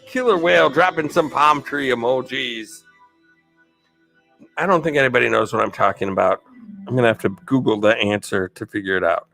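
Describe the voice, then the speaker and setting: A man's voice: medium pitch, brisk, gravelly, fairly bright tone, soft background music. A man hosting a live stream, chatting in an upbeat way and thanking viewers. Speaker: livestream host.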